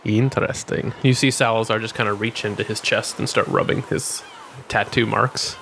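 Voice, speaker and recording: A man's voice: lowish voice, fairly even intonation, normal speed, a bit bright, a little hiss or hum. Guy at a tabletop game cracking wry jokes. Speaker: player.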